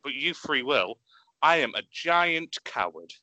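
A man chatting excitedly on a podcast, swearing freely and gushing about films. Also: medium pitch, unhurried, no echo. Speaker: podcast co-host. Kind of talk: enthusiastic casual chat.

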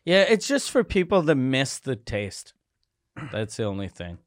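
A man co-hosting a podcast, telling profane stories in relaxed, casual banter. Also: medium pitch, measured pace, dry recording, studio quality. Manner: laid-back, profane storytelling. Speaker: podcast co-host. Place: studio with microphones.

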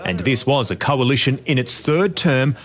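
A man reporting the news in a measured, matter-of-fact narration. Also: mid-range voice, sing-song, fairly bright tone.

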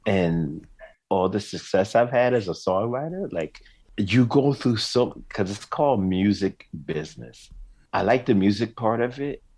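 A man's voice: on the low side, unhurried. A middle-aged man, a songwriter and singer, telling stories in an interview with emotion and frequent laughter. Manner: animated, emotional storyteller, laughs often. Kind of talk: casual storytelling interview.

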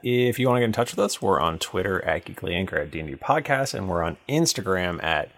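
A man co-hosting a podcast, giving a relaxed, casual sign-off with social handles. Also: sits low, fast talker, dry recording. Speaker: podcast co-host.

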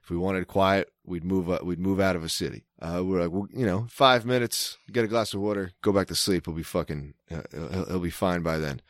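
A man from Maryland with a low-pitched voice tells a long story in loose, casual podcast chat. He swears freely and keeps restarting his sentences. The sound is dry and close, with no room echo. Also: steady tone, fairly quick, few pauses. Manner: rambling, profane, self-interrupting.

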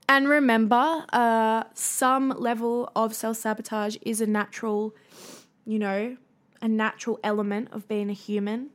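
A young adult woman hosting a solo podcast, earnest and encouraging, with frequent fillers. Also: medium pitch. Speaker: podcast host.

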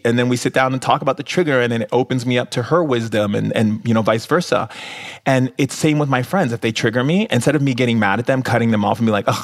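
A young man as a guest in a casual interview, talking effusively with lots of "like" and "oh my God". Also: medium pitch.

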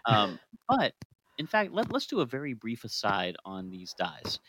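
A man's voice: fairly low pitch, wildly swooping pitch, a little slow, background noise. A man co-hosting a casual podcast, telling chemistry history in a playful, joking way. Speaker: podcast co-host.

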